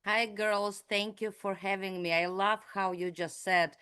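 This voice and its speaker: A businesswoman from Latvia, a guest on a casual podcast, talking in a lively, upbeat way with frequent fillers. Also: mid-range voice, measured pace, smooth, dry recording, studio quality.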